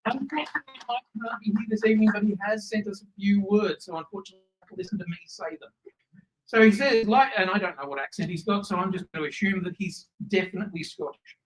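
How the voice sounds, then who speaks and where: Australian man MCing an awards night, playful and quick with a joke. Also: high-pitched, slight background noise, rough recording. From Tasmania, Australia. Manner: jokey, playful, reading acceptance speeches aloud. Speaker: awards ceremony host. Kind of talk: presenting at an awards ceremony. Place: event venue with an audience.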